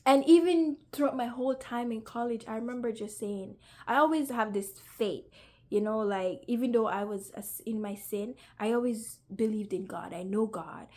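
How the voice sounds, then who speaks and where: Sharing her faith story in a casual video, this young woman speaks at normal speed in a mid-range, slightly mellow voice. She's earnest and chatty, leans on many fillers, and becomes emotional to the point of nearly crying.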